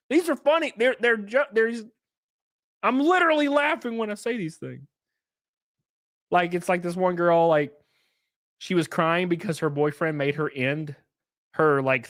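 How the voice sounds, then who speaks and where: Animated casual male streamer. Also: high voice, no echo, clean studio sound. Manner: rambling, joking, lively asides. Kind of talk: casual live-stream chat.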